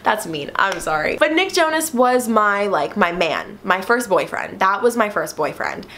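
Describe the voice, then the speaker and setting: A woman's voice: medium pitch, normal speed. Chatty young woman telling stories. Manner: chatty, frequent "like" fillers, animated quoting. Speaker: vlogger. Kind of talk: casual storytime chat to camera.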